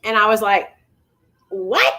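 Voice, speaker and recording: A woman's voice: medium pitch, sing-song, slow pace, bright, forceful tone. A woman in her thirties, a vlogger casually telling viewers a personal story in a chatty, confiding way.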